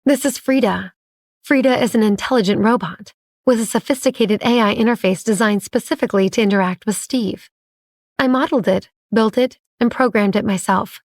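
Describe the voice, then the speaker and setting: A woman voicing a composed young woman inventor who speaks calmly and pointedly. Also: fairly high pitch, brisk, dry recording, studio quality. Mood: poised.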